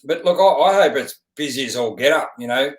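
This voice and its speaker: A man's voice: medium pitch, animated, fairly quick, echoey room, rough recording. A middle-aged Australian man hosting a casual live stream, chatting in a laid-back, rambling way and calling everyone mate. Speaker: host of a live stream answering viewers.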